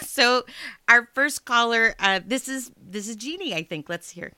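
A woman co-hosting a comedy podcast, teasing and animated as she talks. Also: on the high side, unhurried, smooth, no room sound. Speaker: podcast co-host. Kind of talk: casual comedic chat.

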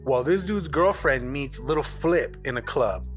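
A man's voice: mid-range voice, expressive, a little slow, faint music behind. A man co-hosting a podcast in loose, profane casual chat, laughing often. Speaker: podcast co-host.

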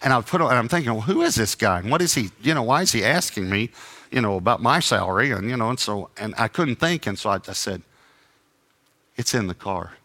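A man's voice: mid-range voice, a little fast. A middle-aged male preacher telling a sermon story, acting out each side of a conversation with self-deprecating humor. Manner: animated anecdotes with acted-out dialogue and self-deprecating humor. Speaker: traveling preacher.

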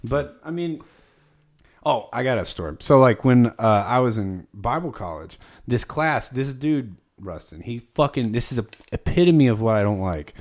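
A man's voice: medium pitch, animated, normal speed, a little mellow. A man hosting a casual podcast chat, telling stories in a profane, heated way.

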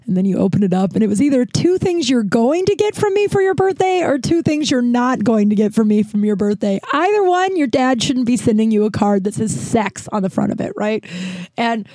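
A woman's voice: on the high side, big pitch swings, fairly quick, dark tone, no room sound. A woman hosting a podcast, frankly telling a personal story with many restarts and asides.

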